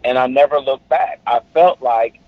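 Animated male comedian telling a story. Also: medium pitch, normal speed, no room sound, narrow, tinny audio. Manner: animated storyteller who acts out other people's voices. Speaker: comedian guest. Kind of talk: storytelling in a podcast conversation.

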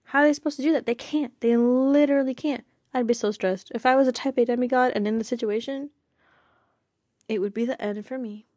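A woman's voice: a little high, fairly even intonation, brisk, a little mellow, dry recording, studio quality. A woman hosting a casual fan podcast, bubbly and giggly, rambling with lots of "like" and "you know.". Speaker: podcast host.

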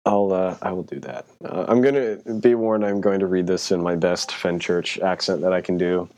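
A man's voice: low-pitched, normal speed, a little mellow. A man co-hosting a casual podcast, chatting in an easygoing way. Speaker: podcast co-host. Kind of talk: casual chat.

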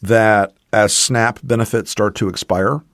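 Blunt low-voiced man. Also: fairly even intonation, a little slow, a bit bright, no room sound, studio quality. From Southern United States. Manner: blunt, emphatic, sarcastic. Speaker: podcast guest, political commentator. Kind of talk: casual political conversation.

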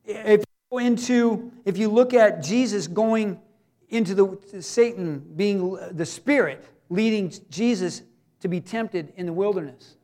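A man, a pastor, preaching a sermon in a folksy way with joking asides, swinging between emphatic raised lines and hushed quiet ones. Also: high-pitched, measured pace.

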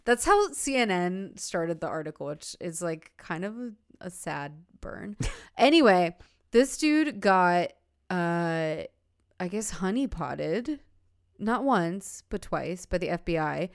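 A woman with a lowish, smooth, clean voice who rambles through a story in loose podcast chat and keeps dropping in filler words. The sound is dry and close, with no room echo. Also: big pitch swings, slow pace. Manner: rambling, with many fillers and laughs. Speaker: podcast host.

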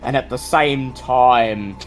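A man narrating a tabletop vampire game as game master, measured and descriptive. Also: mid-range voice, faint music behind.

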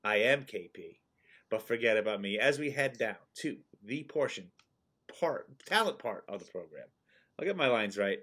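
Man hosting softly from his bedroom. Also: lowish voice, lively intonation, slightly rough. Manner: deliberately quiet and subdued. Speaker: podcast host. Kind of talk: casual sports chat. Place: bedroom at home.

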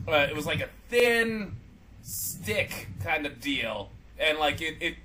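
A man's voice: on the high side, big pitch swings, takes it slowly, pushed and bright, a little hiss or hum, poor audio. A man co-hosting a casual podcast chat, rambling with lots of fillers and restarts. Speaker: podcast co-host.

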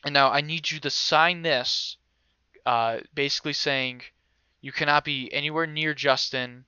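A young man casually telling a story, animated and swearing freely, acting out other people's voices. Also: a little high, unhurried, clean tone, no room sound, muffled recording.

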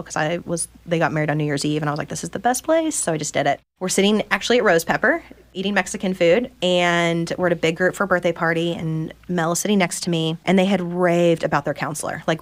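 A woman in her thirties, a podcast guest, telling her personal story openly and earnestly and acting out the people she quotes. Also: on the low side. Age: 30s. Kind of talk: candid personal storytelling in conversation.

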